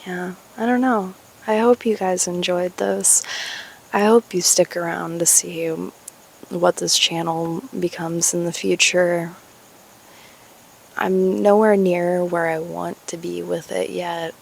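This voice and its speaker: A young woman talking candidly to her viewers in a vlog, musing slowly, laughing and swearing casually. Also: fairly low pitch, steady tone, vocal fry. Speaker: spiritual YouTuber.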